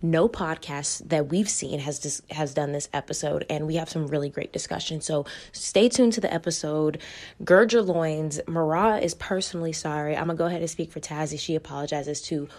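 A woman's voice: low voice, a little fast, dry recording. Chatty woman podcast host, dry sound. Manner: chatty, animated, self-deprecating. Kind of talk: casual true-crime podcast chat.

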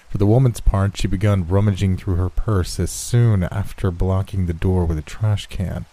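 A man narrating horror stories in a measured, steady scripted reading. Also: low-pitched.

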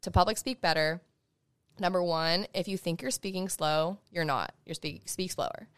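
A young woman, a law student guest on a podcast, talking fast and emphatically in casual conversation as she gives advice. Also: lowish voice, clear, resonant tone, no room sound.

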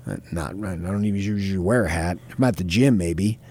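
A man's voice: sits low, brisk, warm tone, breathy edge. A man co-hosting a sports talk show, telling stories in a rambling way with many fillers. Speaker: sports reporter and co-host. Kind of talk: casual chat.

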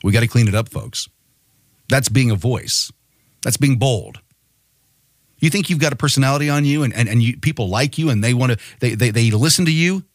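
A man's voice: medium pitch, a little fast, no room sound, studio quality. A man hosting a podcast, delivering a rousing monologue full of rhetorical questions. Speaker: podcast host.

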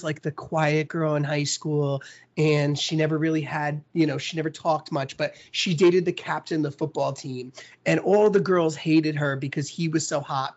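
A man's voice: fairly high pitch, muffled recording. A man hosting a casual podcast, reacting and trading stories in chatty speech full of "like". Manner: chatty, lots of "like" fillers, quick reactions. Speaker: podcast host.

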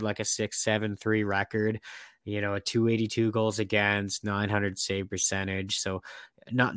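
A man's voice: fairly low pitch, no room sound. Dry-voiced man in casual hockey talk. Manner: rambling, many fillers and restarts. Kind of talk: casual sports chat.

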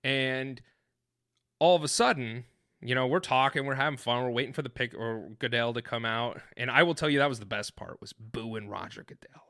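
Bright-voiced excited man telling a story. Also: mid-range voice, fairly quick, no room sound, studio quality. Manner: excited, rambling, with many restarts and fillers. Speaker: podcast co-host. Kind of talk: animated storytelling in casual chat.

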